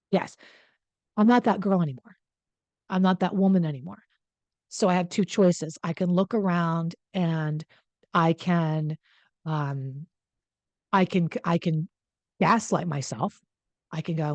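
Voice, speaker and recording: A woman's voice: fairly low pitch, moderate pace, no room sound. Candid, chatty woman coach. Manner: candid, self-mocking, chatty. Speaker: relationship coach. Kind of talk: casual direct-to-camera talk.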